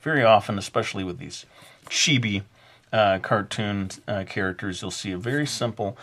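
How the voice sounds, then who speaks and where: Easygoing male drawing teacher with a lowish voice who hesitates often, with plenty of uhs and ums. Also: a bit bright. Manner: halting, with frequent filler words. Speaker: drawing instructor. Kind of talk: drawing tutorial narration.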